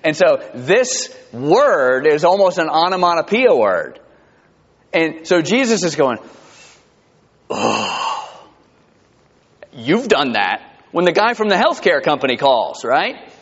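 A man preaching a sermon in a church, conversational and animated, with asides and chuckles. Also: on the high side, a little slow, in a large hall, highs cut off. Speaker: pastor. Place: church sanctuary.

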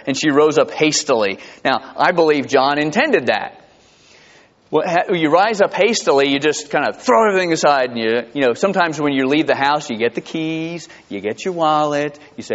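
A man preaching a sermon in a church, conversational and animated, with asides and chuckles. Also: on the high side, moderate pace, long reverb tail, dull audio. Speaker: pastor. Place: church sanctuary.

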